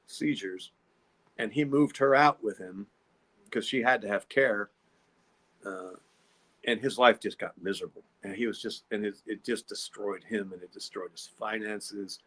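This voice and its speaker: A man's voice: on the low side, normal speed, fairly bright tone. A man telling a long, rambling story in a casual podcast monologue. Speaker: podcast host.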